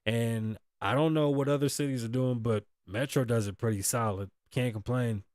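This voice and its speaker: A man's voice: mid-range voice, fairly even intonation, normal speed, darkish tone, no echo, clean studio sound. A man hosting a podcast, giving blunt, indignant commentary on the news, swearing freely and acting out the lines of the people in the story. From Las Vegas. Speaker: podcast host.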